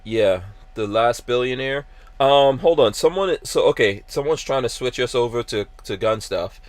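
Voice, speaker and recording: A man hosting a podcast, chatting loosely and reading listener comments aloud. His voice sits at an ordinary middle pitch and sounds close and dry, with no room around it. He talks haltingly, full of ums and restarts. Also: lively intonation, no echo. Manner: halting, many fillers and restarts. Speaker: podcast host. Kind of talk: casual chat, reading live chat comments.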